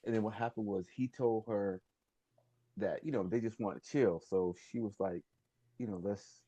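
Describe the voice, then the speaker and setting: Brief Man co-host, dark husky voice with a dry close sound, hesitant storyteller. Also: lowish voice, moderate pace, dry recording, lo-fi sound. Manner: rambling, hesitant storytelling with many restarts. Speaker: podcast co-host. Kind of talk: casual chat.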